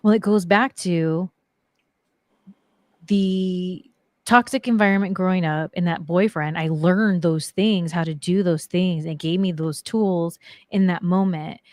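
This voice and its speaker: A middle-aged woman appears as a guest on a talk show, casually telling personal stories in a chatty way packed with "like" fillers. Her voice is fairly low and steady, her pace unhurried. The studio-quality recording has no room sound.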